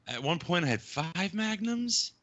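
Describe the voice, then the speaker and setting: A man's voice: high-pitched, big pitch swings, measured pace, fairly bright tone, no echo, lo-fi sound. A man in casual podcast chat, rambling and swearing as he laughs at his own habits. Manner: rambling, profane, self-mocking.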